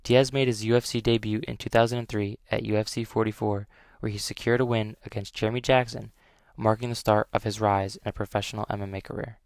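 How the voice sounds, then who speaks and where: A man narrating a documentary script in an even, measured way. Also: on the low side.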